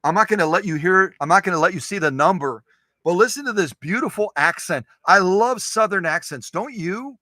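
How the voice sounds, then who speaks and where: Bright, chatty man hosting a workshop stream. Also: high-pitched, expressive, fairly quick, dry recording. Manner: chatty, digressive, repeats phrases. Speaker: sewing machine restorer, show host. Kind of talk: live-stream workshop demonstration.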